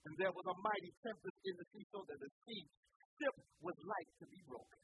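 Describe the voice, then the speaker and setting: A woman preacher, delivering an animated, colloquial sermon full of call-and-response. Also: mid-range voice, quick pace, vocal fry, slightly rough, dry recording, poor audio.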